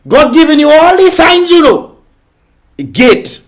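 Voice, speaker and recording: A man's voice: very high voice, lively intonation, unhurried, pauses often. Male vlog host, raised voice, scolding reaction commentary. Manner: scolding, mocking and laughing often.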